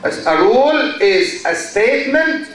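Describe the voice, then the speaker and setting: Speaking at an extremely high pitch, this Egyptian lecturer sounds expressive and a bit bright, his pace a little slow. He quizzes his university students, then supplies the answers and repeats important phrases, captured from a distant mic in a big, heavily echoing hall.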